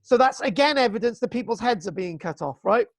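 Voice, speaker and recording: High-voiced excitable British man teaching. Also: a little fast, vocal fry, slight background noise. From Britain. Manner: excitable, jokey, mock-exasperated, says "right?" constantly. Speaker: archaeology teacher for young students. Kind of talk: live online class. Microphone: video call.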